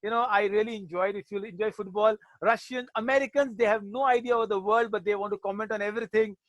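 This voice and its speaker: A man's voice: sits high, fairly even intonation, fast talker, dry recording, muffled recording. Male teacher, online session, casual jokes and Arabic phrases, bone-dry mic. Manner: chatty, jokey, sprinkles Arabic religious phrases. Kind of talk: online class talk.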